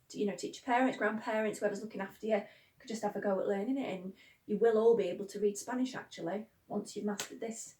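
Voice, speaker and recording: A woman's voice: a little high, a little mellow. A woman teaching school pupils Spanish pronunciation, patiently chanting the sounds in rhythm. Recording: echoey room.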